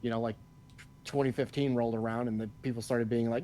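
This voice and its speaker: Man, podcast co-host, casual chat, profane ranting, mid pitch. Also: fairly even intonation, fast, mellow. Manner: profane, ranting, laughs often.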